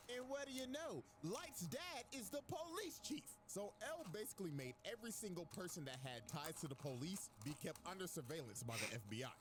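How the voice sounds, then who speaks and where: Animated, slangy male comic narrator. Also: fairly high pitch, noisy background. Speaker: video narrator. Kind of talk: comedic story recap. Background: music.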